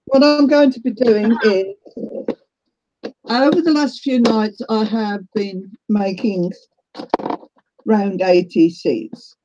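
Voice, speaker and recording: A woman's voice: mid-range voice, slow pace, pauses often, warm tone, dull audio, a little hiss or hum. A middle-aged woman with a New Zealand accent, hosting a casual craft livestream and chatting with viewers as she works. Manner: chatty, greets viewers while working.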